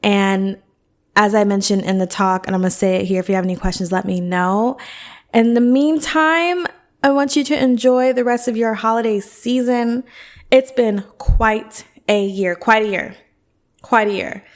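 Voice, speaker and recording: A woman's voice: fairly high pitch, moderate pace. A woman therapist and coach hosting her own podcast, talking in a chatty, upbeat, rambling way with many fillers. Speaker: self-worth therapist and coach, podcast host. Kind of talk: casual podcast monologue.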